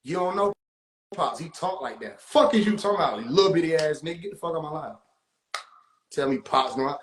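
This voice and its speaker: A young adult man talking on a phone livestream in an animated, profane way, laughing often. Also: fairly high pitch, fairly quick, echoey room, slight background noise, rough recording. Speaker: livestream host. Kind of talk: casual livestream rant.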